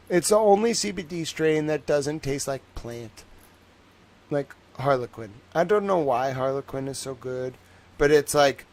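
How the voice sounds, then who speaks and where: A young man with a Boston accent chatting casually on his livestream, rambling and joking, with lots of filler words. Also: mid-range voice. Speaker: livestream host.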